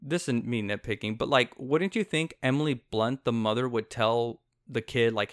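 Male podcast co-host, clear voice, close dry mic, excitable and rambling. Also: medium pitch, moderate pace, hardly any pauses, no room sound. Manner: animated, rambling, laughs often. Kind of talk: casual movie review chat.

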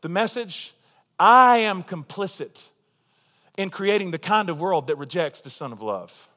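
A man preaching a sermon, swinging from quiet, confiding passages to loud, impassioned declarations. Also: fairly high pitch, big pitch swings, moderate pace. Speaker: pastor. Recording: long hall reverb.

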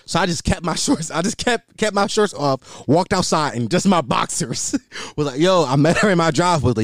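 A man's voice: on the high side, expressive, moderate pace, no echo, studio quality. A man hosting his podcast alone, telling a crude story in casual slang and laughing along the way. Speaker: podcast host.

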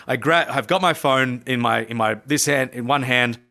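A man, a podcast guest, telling a personal story in animated conversation and acting out his own past lines. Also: medium pitch, normal speed, vocal fry. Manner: lively narrator who acts out his own past lines. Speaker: podcast guest, coach and speaker.

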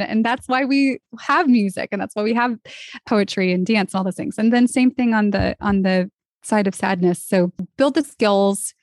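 An earnest, encouraging woman speaking as a guest on a podcast. Her voice sits in a middle pitch, recorded dry and close with no room around it. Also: no room sound. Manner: earnest and encouraging, animated when quoting others. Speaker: podcast guest, vocalist and arts nonprofit founder. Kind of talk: conversational interview.

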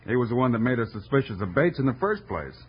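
A man playing a steady, commanding western hero in 1950s radio acting, on a lo-fi transcription. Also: mid-range voice, fast, husky. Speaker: western hero Wild Bill Hickok.

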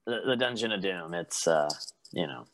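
A man's voice: low voice, lively intonation, moderate pace. A man co-hosting a podcast, chatting casually in a laid-back way, trailing off and agreeing often. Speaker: podcast co-host. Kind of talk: casual chat.

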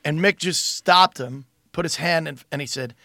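High, bright-voiced comic man. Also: moderate pace, dry recording, clean studio sound. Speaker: stand-up comedian. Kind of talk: casual storytelling chat.

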